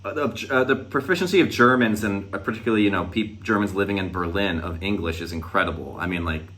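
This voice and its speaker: A man hosting a podcast, chatting casually with a bright, forward tone. He tells his stories with animated energy. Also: low voice, fast talker. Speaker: podcast host.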